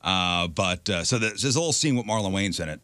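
A man's voice: low-pitched, fairly quick, smooth, no room sound. A man hosting a casual podcast chat, jokey and leading the conversation. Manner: animated, jokey, leads the talk. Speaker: host.

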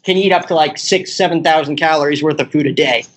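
A young man rambles through a story in casual chat, his speech peppered with "like". His voice sits a little high, and he laughs as he talks. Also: quick pace, husky, rough recording. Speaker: podcast guest.

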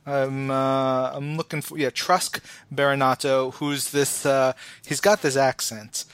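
A man's voice: mid-range voice, little pitch movement, slow pace, clean tone, no room sound. Enthusiastic rambling podcast host, a man. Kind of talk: casual chat.

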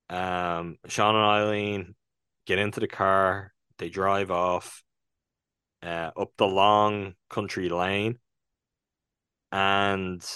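A man's voice: low voice, a bit bright, clean tone, no echo, clean studio sound. A man with an Irish accent, co-hosting a casual film review podcast and retelling a film with earnest, thoughtful hesitations. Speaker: podcast co-host reviewing films.

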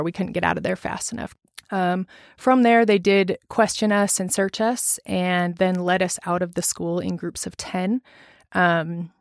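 A woman in her thirties speaks in a halting, reflective way, pausing often as she searches for words. Her voice sits a little low, and the sound is close and dry with no room around it. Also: dry recording. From Colorado, US. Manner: halting, reflective, with many pauses and fillers. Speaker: teacher, interviewee. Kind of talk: personal recollection in an interview.

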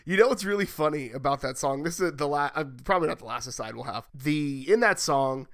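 A man's voice: fairly high pitch, animated, a little fast, a bit bright. Chatty man hosting a sports podcast. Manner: chatty, joking, asks long rambling questions. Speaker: podcast host. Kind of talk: casual sports podcast chat.

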